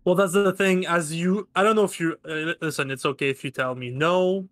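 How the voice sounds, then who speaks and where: Polite French-Canadian caller, Quebec accent. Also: male voice, on the high side, fairly even intonation, a little fast, a bit bright, dry recording. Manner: hesitant, polite, apologetic. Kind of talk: casual call-in chat.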